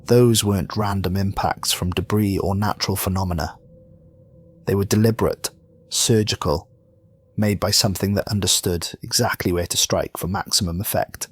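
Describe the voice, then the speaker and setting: A man reading a first-person sci-fi horror story in a steady, measured storytelling voice. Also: low voice, slightly rough. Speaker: narrator.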